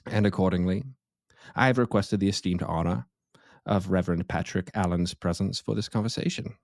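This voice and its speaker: A man's voice: low-pitched, a little fast, creaky, dry recording, studio quality. Man putting on a pompous fake-British host. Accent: put-on British. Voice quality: stilted, pretentious wording. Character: pompous faux-British male radio host.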